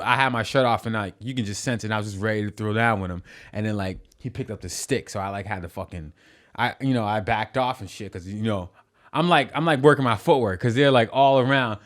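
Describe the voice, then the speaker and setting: A young man with a fairly low voice tells a story in a loose, animated way. He swears constantly and restarts his sentences, with the easy flow of a podcast guest. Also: fast. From New York City. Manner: animated, profane, restarts often.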